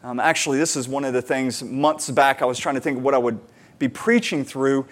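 A man in his thirties, a pastor and parent, preaching a conversational sermon with fillers and lively retellings. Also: mid-range voice, brisk.

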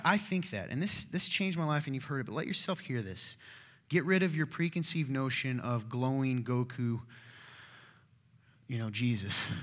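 A male pastor preaching a sermon in a conversational, animated way, sometimes dropping to a hushed voice. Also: medium pitch. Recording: long hall reverb.

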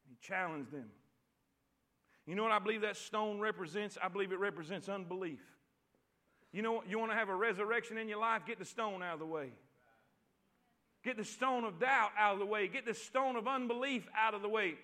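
A male preacher delivering a church sermon, repeating phrases and calling for responses until he is shouting. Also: high-pitched, fairly quick. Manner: repetitive, call-and-response preaching that builds to shouts.

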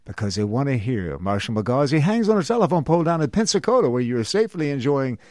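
A man's voice: medium pitch, big pitch swings, fast talker, a little mellow, no room sound, studio quality. A man hosting a radio show, doing playful, showman-like introductions. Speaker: radio host. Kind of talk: folksy radio banter.

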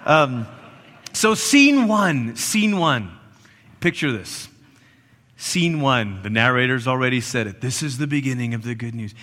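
A man preaching a sermon, telling the story in an animated way with playful asides. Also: medium pitch, a little slow, in a large hall. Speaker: pastor.

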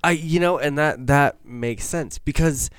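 A man co-hosting a podcast, chatting casually, laughing often and thinking out loud. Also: fairly high pitch, smooth, no room sound, studio quality. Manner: laughs often, drawn-out musing. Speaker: podcast co-host. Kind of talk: casual chat.

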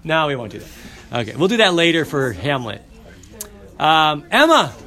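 A man's voice: on the high side, sing-song, moderate pace, sharp tone. A man teaching a class, calling roll and chatting playfully with his students in a classroom.

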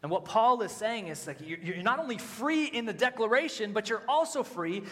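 A man preaching a sermon as a pastor, animated and swinging between loud emphasis and quiet, low passages. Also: normal speed. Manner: animated, rising and dropping with emphasis, voicing inner thoughts. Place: church sanctuary. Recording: hall reverb.

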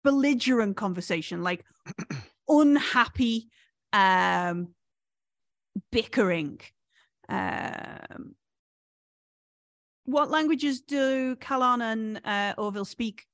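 A woman's voice: a little high, animated, slow, long pauses, fairly bright tone, dry recording, studio quality. Woman narrating as game master. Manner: hesitant, many fillers and restarts.

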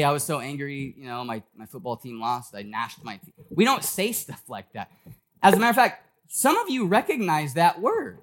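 A man's voice: sits high, a bit bright. A man preaching a sermon in a church, talking casually and acting out the people in his story. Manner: conversational preaching, acts out quoted voices. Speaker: pastor.

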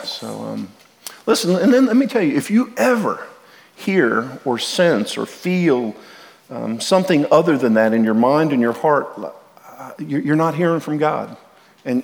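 In a church sanctuary full of long hall reverb, a middle-aged pastor addresses his congregation at a normal speed. His medium-pitched voice has lively intonation and some vocal fry, and his earnest, direct preaching often doubles back to repeat or restart.

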